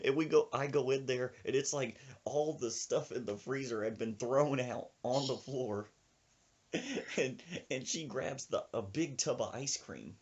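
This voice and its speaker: A man hosting a podcast, telling a comic story in an animated way and laughing through it. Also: mid-range voice, moderate pace, breathy edge, dull audio. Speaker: podcast host.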